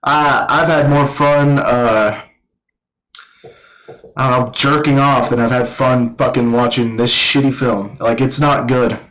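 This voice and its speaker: A man giving a casual, rambling film review, swearing constantly and filling every pause with "like" and "uh.". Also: mid-range voice, steady tone, a bit bright, echoey room, low-quality recording. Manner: profane, rambling, full of fillers. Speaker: movie reviewer.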